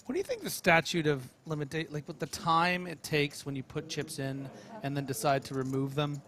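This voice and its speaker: Chatty and often laughing, a man commentates a live poker stream with lively intonation at a slightly quick pace. His voice is fairly high and fairly bright, with slight background noise behind it.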